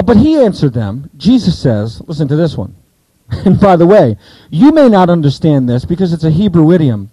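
A man preaching an expository sermon in a conversational, animated way, sometimes acting out voices from the Bible stories. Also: a little high, slightly rough, no room sound, low-quality recording.

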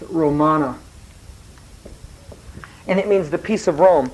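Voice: mid-range voice, a little slow, long pauses, darkish tone, a little hiss or hum, poor audio. Rambling teacher lecturing a class. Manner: rambling, digressive, self-correcting; asks the class questions. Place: classroom with students.

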